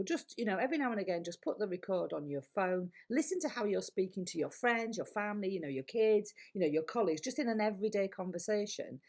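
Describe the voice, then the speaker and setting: A woman's voice: medium pitch, vocal fry, a little mellow. A woman with a Yorkshire accent, a public speaking coach giving candid, chatty advice straight to camera. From Yorkshire, England. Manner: candid and chatty, with blunt asides. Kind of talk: casual to-camera advice talk.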